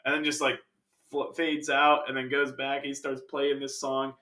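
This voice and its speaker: A man's voice: medium pitch, completely flat delivery, moderate pace, sharp tone, roomy sound. A man giving a casual, jokey film review full of sidetracked asides.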